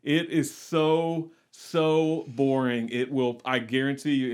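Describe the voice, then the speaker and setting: A man's voice: mid-range voice, little pitch movement, takes it slowly, darkish tone, smooth. A man co-hosting a movie podcast, chatting casually in a rambling, wry way and often correcting himself mid-sentence. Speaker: podcast co-host.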